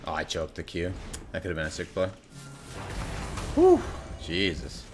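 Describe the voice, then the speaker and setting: A man giving live gameplay commentary, excitable and profane, breaking into sudden yells. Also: sits low, brisk, soft background music. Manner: excitable, swearing, bursts into yelling. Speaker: gameplay streamer.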